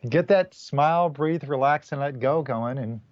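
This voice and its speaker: A man's voice: on the high side, measured pace, no room sound. Male guest teacher, loose and encouraging, muffled dry call audio. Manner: relaxed, rambling, encouraging. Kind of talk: casual spiritual talk.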